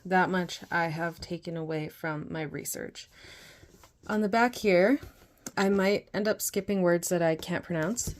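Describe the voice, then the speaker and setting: A young woman from northern Canada, talking earnestly and carefully through a doll unboxing, with soft whispered asides. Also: on the low side, slight background noise. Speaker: doll collector and vlogger.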